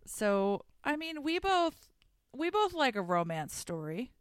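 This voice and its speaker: Playful woman with a lively, swinging voice. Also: high-pitched, takes it slowly, clear, resonant tone, no room sound, studio quality. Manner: joking, playful, does voices. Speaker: podcast co-host. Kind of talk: casual chat.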